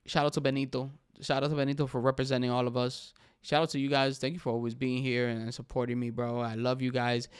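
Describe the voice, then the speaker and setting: Animated young man podcasting, smooth voice. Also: mid-range voice, quick pace, hardly any pauses, no echo, clean studio sound. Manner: animated, emphatic, says "bro" often. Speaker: podcast host. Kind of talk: casual solo podcast commentary.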